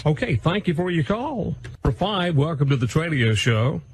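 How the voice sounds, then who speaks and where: Polite male radio host, lively pitch. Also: moderate pace, slight background noise. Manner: patient, formulaic, polite. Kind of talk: call-in radio hosting.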